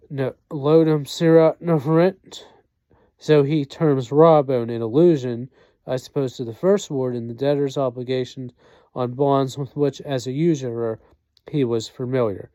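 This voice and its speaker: A man's voice: mid-range voice, measured pace, mellow, dry recording, highs cut off. A man reading a play aloud, doing every part and reading out the speaker names and stage directions. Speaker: reader.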